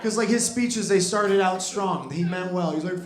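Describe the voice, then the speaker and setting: Young stand-up comic, self-deprecating, rambling with fillers, slightly high voice; roomy club with laughing crowd. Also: male voice, normal speed, hardly any pauses, background noise. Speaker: stand-up comedian. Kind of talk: stand-up comedy set. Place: comedy club.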